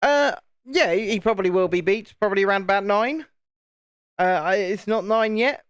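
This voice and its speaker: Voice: medium pitch, normal speed, clear, resonant tone, no echo. A speaker with a Southern English home counties accent, hosting a live stream and chatting casually while building, often repeating words. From England, home counties. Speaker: livestream host.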